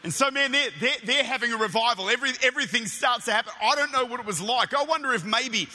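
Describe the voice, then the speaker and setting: An Australian man preaches with a very high, sharp, piercing voice, tumbling into excited stammers as he tells his stories. His sermon rings out through a church with a long, echoing hall reverb. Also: fast. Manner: energetic, animated storytelling with stammered restarts.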